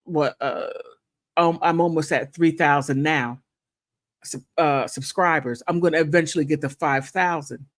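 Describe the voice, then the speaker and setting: A woman hosting a casual livestream, chatting playfully and thanking viewers, with high laughs and quiet, sincere asides. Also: fairly even intonation, normal speed, dry recording, studio quality. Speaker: content creator hosting a livestream. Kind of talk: casual livestream chat reacting to gossip and viewer comments.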